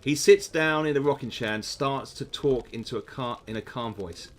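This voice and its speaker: A man's voice: mid-range voice, normal speed, a little hiss or hum. Chatty man reading a gamebook. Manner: chatty, musing asides. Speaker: host playing a gamebook. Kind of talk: reading aloud and commenting.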